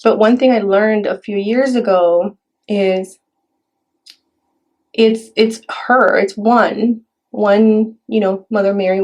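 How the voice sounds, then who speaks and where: A woman from Mexico, chatting casually and softly, with many fillers. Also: medium pitch, poor audio. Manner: soft-spoken, with fillers and Spanish phrases. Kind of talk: casual chat.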